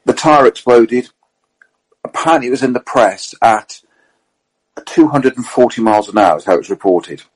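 A middle-aged man, a racing driver and co-host, telling lively anecdotes in casual chat and quoting others as he goes. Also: mid-range voice, moderate pace, pauses often, breathy edge, rough recording. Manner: lively storyteller, quotes others, self-corrects.

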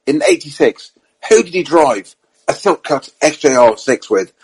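Husky-voiced man telling racing stories. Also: a little high, normal speed, low-quality recording. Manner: animated storyteller, many fillers and asides. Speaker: motorsport storyteller on a panel. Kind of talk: casual anecdotal chat. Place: at a racing circuit event.

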